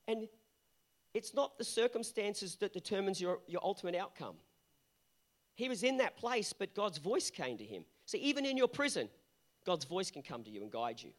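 A man's voice: high-pitched, big pitch swings, normal speed. A male pastor delivering an earnest sermon that builds to emphatic peaks.

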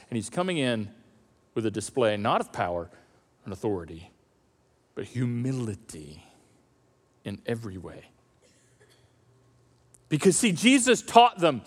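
A man preaching a sermon as pastor, animated and acting out the voices of the crowd. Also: a little high. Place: church auditorium. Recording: reverberant church hall.

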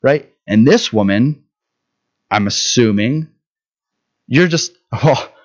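A man's voice: medium pitch, animated, slow, highs cut off. A man preaching a sermon in a conversational way, often checking in with "right?" and restarting his words.

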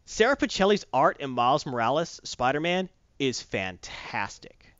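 A man's voice: mid-range voice, sing-song, moderate pace, a bit bright, no room sound. A man giving a blunt, profane, mocking review of a comic book in casual chat. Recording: dull dry close-mic sound.

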